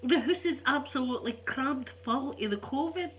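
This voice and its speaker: A middle-aged Scottish woman, ill and congested, telling stories in an animated, chatty way. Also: high-pitched, normal speed, few pauses, slight background noise. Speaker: vlogger. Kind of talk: casual storytelling chat.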